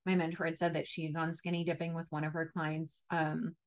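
A young woman with a voice pitched a little low talks through a personal story as a podcast host. Her delivery is loose and chatty, full of "like" and small restarts. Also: completely flat delivery, fairly quick. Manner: chatty, frequent "like" fillers.

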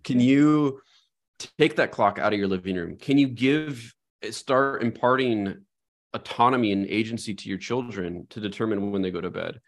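Middle-aged male podcast co-host, lowish voice, reflective, casual, musing delivery. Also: moderate pace. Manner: thoughtful, reflective, frequent "right?" tag questions. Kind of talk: casual conversational chat.

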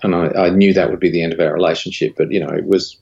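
Deep gravelly man. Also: very fast, muffled recording. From Australia. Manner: candid, recounts dialogue with rising animated pitch. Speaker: guest, studio owner and creative director. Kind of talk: casual interview storytelling.

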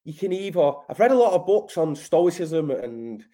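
A man tells his story in a casual, blunt way, swearing freely and calling the host mate. His voice sits fairly high for a man. He speaks as a podcast guest. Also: big pitch swings, moderate pace, mellow. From Manchester, England.

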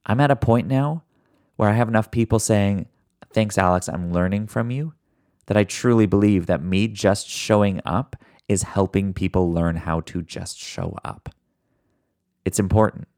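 Host, male, low gravelly voice, earnest motivational coach speaking straight to the audience. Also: a little mellow. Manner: earnest, encouraging, addresses listeners directly; fast talker who deliberately slows down at times. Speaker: podcast host. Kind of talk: motivational solo podcast talk.

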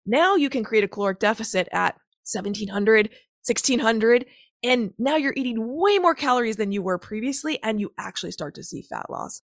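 Speaking briskly and expressively in a voice on the high side with a slight fry, a woman in her thirties guests on a podcast interview as a macro-counting coach. She walks through examples step by step with everyday analogies, conversationally. The audio is close and dry, without any room sound.

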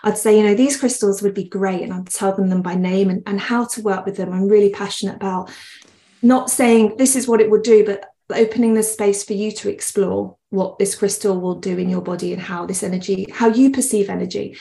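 Woman w/ a chatting on a podcast, earnest and rambly, laughs a lot, pretty middle-of-the-road pitch. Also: steady tone, a little fast, creaky, warm tone. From West Midlands, England. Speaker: podcast guest. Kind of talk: conversational podcast interview.

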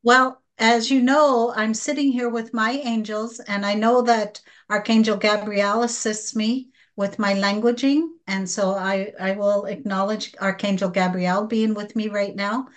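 A woman guest speaking slowly and earnestly about angelic healing, at times emotional. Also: mid-range voice, steady tone. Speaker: guest practitioner. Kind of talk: spiritual podcast conversation.

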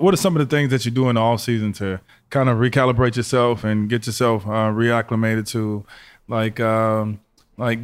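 A middle-aged man hosting a casual interview podcast, relaxed, with many fillers and easy laughs. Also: medium pitch, smooth. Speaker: podcast host.

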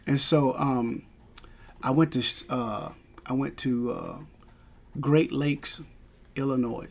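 A man, a veteran guest telling stories in a casual interview, animated and acting out the people he quotes. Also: mid-range voice, takes it slowly, gravelly. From Georgia, US. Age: 50s. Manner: animated storyteller who acts out quoted voices.

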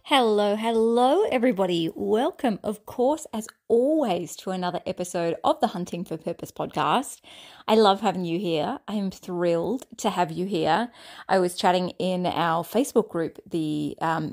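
A woman's voice: lowish voice, darkish tone. A woman in her thirties with an Australian accent, hosting a solo podcast in a chatty, enthusiastic way with frequent fillers and restarts. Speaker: podcast host. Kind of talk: casual solo podcast talk.

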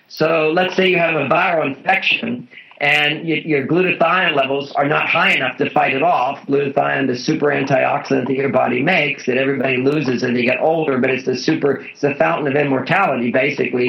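A man's voice: fairly high pitch, gravelly, fairly bright tone. A man being interviewed as a guest author, explaining things in an earnest, instructive way and repeating his key points. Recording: dull lo-fi audio.

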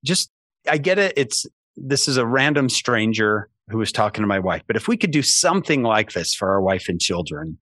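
A man, a podcast guest, telling a self-mocking story in casual, animated talk with lots of "right?" asides. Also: lowish voice, normal speed, no room sound, studio quality. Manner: many restarts and asides like "right?".

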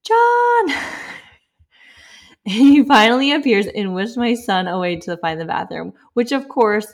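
A woman's voice: medium pitch, moderate pace. A woman in her thirties hosting a casual podcast, reading listener stories aloud with chatty asides and frequent laughter. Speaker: podcast host.

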